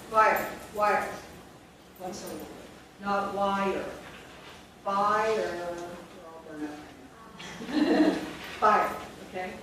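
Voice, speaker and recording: A woman's voice: medium pitch, fairly bright tone. A woman leading a phonics training workshop for teachers, drilling sounds and syllables and quizzing the room. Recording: echoey room, distant mic, noisy.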